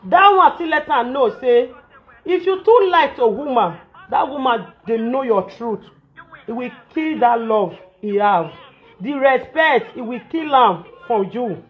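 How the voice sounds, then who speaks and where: A woman's voice: on the high side, muffled recording. A woman with a Nigerian Pidgin English accent, scolding and ranting animatedly on a live phone video, repeating herself for emphasis. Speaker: social media personality on a live video.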